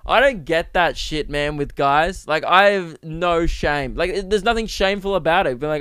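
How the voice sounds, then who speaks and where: A man's voice: a little high, moderate pace, hardly any pauses, fairly bright tone, smooth, dry recording, clean studio sound. A young man hosting a comedy podcast, riffing crudely and acting out silly bits. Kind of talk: rambling comic monologue.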